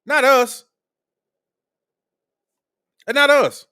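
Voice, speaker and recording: Fired-up guy streaming political rants, cussing a lot, high bright voice. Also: steady tone, extremely slow. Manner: blunt, profane, combative. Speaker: streamer host. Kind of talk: live political commentary.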